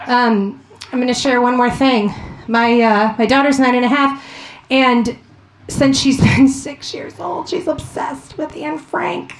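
A woman in her thirties from Ohio doing a profane, animated stand-up comedy set. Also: high voice, a little slow, gravelly, roomy sound, slight background noise. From Ohio, USA.

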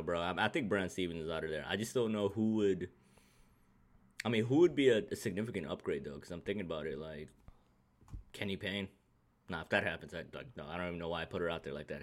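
A man co-hosting a casual sports podcast, animated and profane, breaking into laughter often. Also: sits low, brisk, long pauses. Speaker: podcast co-host.

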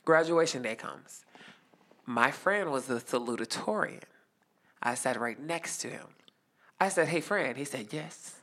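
A young man tells a story as a guest. His voice is bright and forceful, and he acts out every quote with animated flair. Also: mid-range voice, unhurried. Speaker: guest performer. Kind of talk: casual storytelling.

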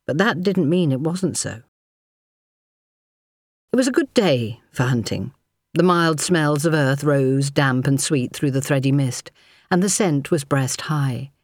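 A woman narrating a novel as an audiobook in a measured, even storytelling manner. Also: low-pitched, no room sound, studio quality.

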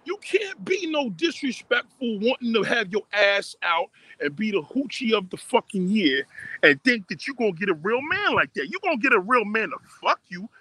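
A man's voice: sits high, very animated, moderate pace, sharp tone, slightly rough, no echo. A man ranting profanely and emphatically on a livestream, repeating himself as he talks outdoors on a phone. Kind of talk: casual rant on a livestream.

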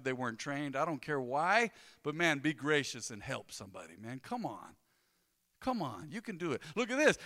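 A fairly high-voiced man preaching a sermon, loose and joking as he tells stories to his congregation. His tone is bright and forceful, and his voice rings out with the long reverb of a hall. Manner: conversational, joking, animated storytelling. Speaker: pastor.

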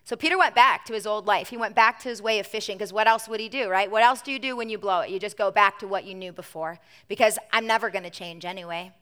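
Bright-voiced woman preaching a lively sermon. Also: medium pitch, fast, few pauses. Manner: animated storytelling, swinging from emphatic to hushed. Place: church service with a congregation.

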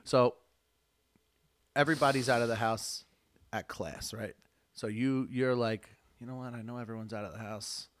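A man's voice: medium pitch, steady tone, moderate pace, pauses often. Rambling crude storyteller man. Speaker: podcast co-host. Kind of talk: casual comedic chat.

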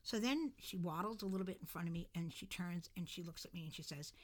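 A middle-aged woman telling a story in a casual podcast chat, animated and dramatic. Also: on the low side, quick pace.

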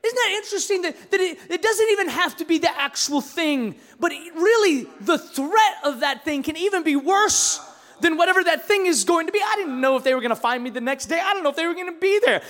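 High-voiced animated preacher man. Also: brisk, in a large hall. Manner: storytelling with wide swings between loud shouts and hushed asides. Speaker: pastor. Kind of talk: sermon.

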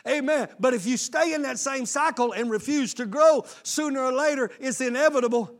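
A man, preaching a sermon as lead pastor, calling out to his congregation and breaking into shouts. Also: very high voice, a little fast.

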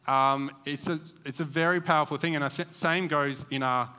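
A man with a somewhat high, bright, forceful voice preaches a church sermon. He talks casually and wanders off on asides, full of fillers. His voice rings through a hall with a long reverb. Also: fairly even intonation, normal speed, clean tone. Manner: conversational, digressive, many fillers.

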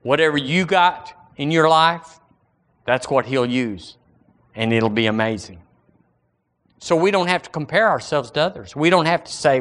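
Southern pastor preaching with dramatic scripture readings. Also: male voice, a little high, lively intonation, normal speed, a bit bright. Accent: Southern American. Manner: reads scripture aloud in a lifted, dramatic voice between plain remarks; conversational, folksy asides with fillers. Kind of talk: sermon.

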